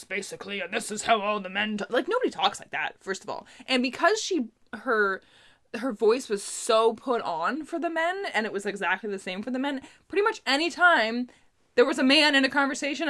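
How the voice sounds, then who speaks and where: A young woman from Canada runs a casual book review chat on her channel, often laughing and slipping in asides. Her voice is a bit high and a bit bright.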